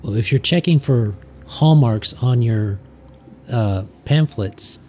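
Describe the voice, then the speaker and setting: A man's voice: mid-range voice, slow, warm tone, a little hiss or hum. A man playing in a tabletop game, chatting casually and joking with wordplay. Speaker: player.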